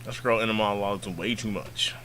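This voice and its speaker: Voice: medium pitch, steady tone, fairly quick, fairly bright tone, a little hiss or hum. A co-commentator on a game playthrough, making dry, sarcastic asides. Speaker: let's play co-commentator. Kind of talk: casual joking commentary.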